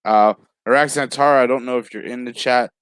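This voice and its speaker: Casting: man, mid-pitched everyday voice, distracted livestream host. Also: steady tone, a little fast, smooth, no echo. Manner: distracted, juggling guests and chat. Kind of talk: casual chat.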